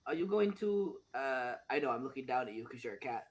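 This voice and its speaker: A man's voice: medium pitch, expressive, a little fast. A man playing a tabletop game, cautiously asking the group what to do. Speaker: player. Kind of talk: casual tabletop play.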